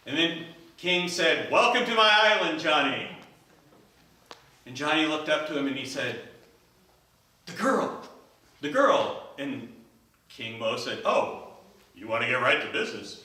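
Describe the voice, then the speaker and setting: Bright-voiced man telling a story in an echoey hall. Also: mid-range voice, a little slow, long pauses, recorded from a distance. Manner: animated, acts out the characters' lines. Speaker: storyteller at a speaking event. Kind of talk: live storytelling to an audience.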